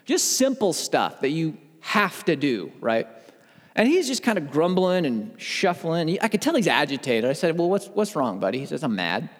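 A man in his thirties giving a conversational Bible teaching, telling personal stories in an animated way that builds up steam. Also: fairly high pitch, normal speed, big-room sound. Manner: animated storyteller who gets worked up. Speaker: podcast host teaching on faith.

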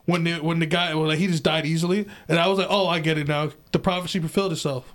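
A man's voice: a little high, steady tone, quick pace, a bit bright. A man co-hosting a casual podcast chat, rambling through a recap with repeated words and quoted lines. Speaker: podcast co-host.

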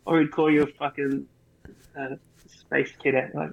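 A man's voice: fairly high pitch, level tone, moderate pace, creaky. A man co-hosting a podcast, swearing as he rambles through army anecdotes. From Australia. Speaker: podcast co-host, army veteran. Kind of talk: casual storytelling. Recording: dull lo-fi recording.

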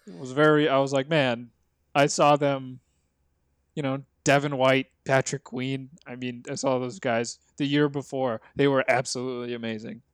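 A man chatting on a podcast, telling a story from a game and putting on quick voices for the people in it. His voice is smooth and clear, recorded close and dry. His pitch sits in the middle range for a man. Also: flat delivery, no room sound. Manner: storytelling, acts out quoted people. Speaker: podcast co-host. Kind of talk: casual chat.

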